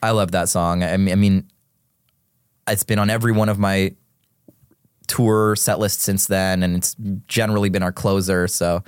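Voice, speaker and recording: A man in his thirties, a guest rapper in a casual podcast interview, explaining things in an animated, nerdy, theatrical way. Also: low-pitched, moderate pace, clean tone, dry recording, clean studio sound.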